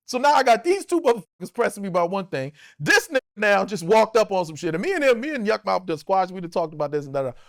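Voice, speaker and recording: In a high-sitting voice, a fast-talking American man in his forties barely pauses as he spins a profane, rowdy yarn as an interview guest. He is animated and performs other people's lines in this casual storytelling.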